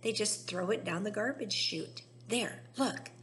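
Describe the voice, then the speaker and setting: A woman voicing an eccentric, excitable male candy maker who eagerly explains things in a storybook reading. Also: medium pitch, a little slow, slight background noise, natural voice. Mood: explaining.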